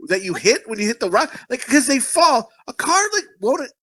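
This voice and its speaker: Loud, lively, crude joking man. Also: very high-pitched, normal speed. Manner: crude, profane and joking, laughing often. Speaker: podcast co-host. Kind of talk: casual movie review chat.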